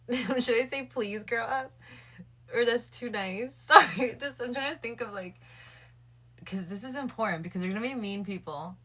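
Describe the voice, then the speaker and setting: A woman's voice: fairly high pitch, normal speed, pushed and bright. A woman livestreaming late at night, chatting casually with her viewers and thinking aloud. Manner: chatty, addresses her viewers and chat directly.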